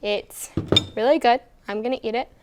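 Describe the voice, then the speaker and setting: A woman's voice: a little high, normal speed, background noise. Young woman teasing on a cooking show. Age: young adult. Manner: bossy, teasing, explains steps. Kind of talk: casual student cooking show.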